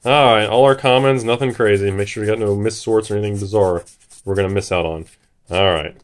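A man hosting a card-opening video, talking in a hyped, jittery way and shouting at big pulls. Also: fairly low pitch, fairly even intonation, fairly quick. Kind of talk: excited casual commentary.

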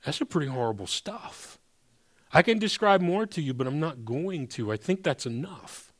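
A male pastor giving a conversational sermon to his congregation, swinging between emphatic rises and hushed, soft drops. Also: a little high, very animated, normal speed. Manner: addresses congregation as brothers and sisters.

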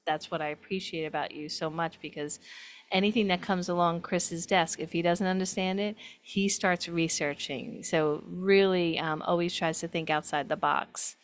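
A woman's voice: lowish voice, steady tone, moderate pace. A woman with a New York accent, from New York, hosting a nutrition show and chatting with her guest in an enthusiastic, playful way. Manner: enthusiastic, praising, playful teasing. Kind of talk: casual health chat.

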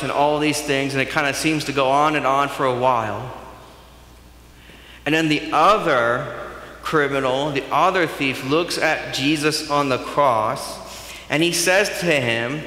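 A male pastor giving a sermon, in a conversational and animated way. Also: medium pitch, moderate pace. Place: church sanctuary. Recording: echoey church hall.

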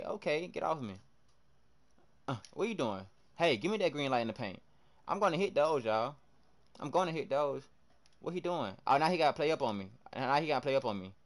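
Young guy streaming a ball game, kinda high voice, super bouncy, trash talking the other players. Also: fairly quick. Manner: animated trash talk, reacting loudly to plays. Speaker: livestreamer. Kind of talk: live gameplay commentary.

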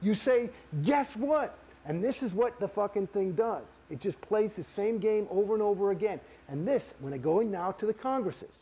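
A middle-aged man, guesting in an interview, tells a candid story in an emphatic, rambling way laced with heavy profanity. His voice is high, mellow and husky.

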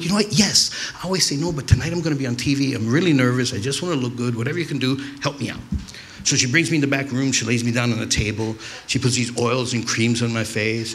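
With a gravelly, somewhat bright mid-range voice, a New York stand-up comic rambles through profane stories, repeatedly cutting himself off and starting over. A little hiss or hum is audible in the recording.

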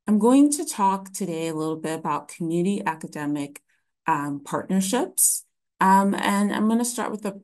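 A woman presenting an academic lecture in a webinar, explaining ideas in a measured way with frequent ums and restarts. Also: on the low side, a little mellow.

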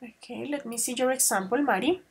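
A woman with a high voice teaches an online grammar class, switching between English and Spanish. She stretches her example sentences out slowly and keeps calling her students affectionate pet names. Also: slightly rough. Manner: slow, drawn-out model sentences.

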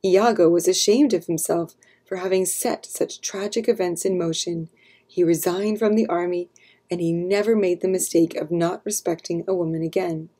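A woman reads a children's storybook aloud in a calm, clear storytelling manner. Her voice is low-pitched and mellow, with a soft, breathy texture. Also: normal speed. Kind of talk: storybook read-aloud narration.

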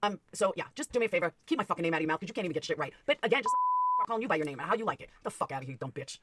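A woman's voice: on the low side, lively intonation, racing, noisy background. A woman in her thirties or forties ranting angrily on her livestream, swearing constantly. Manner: profane, heated, constant swearing. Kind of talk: angry livestream rant.

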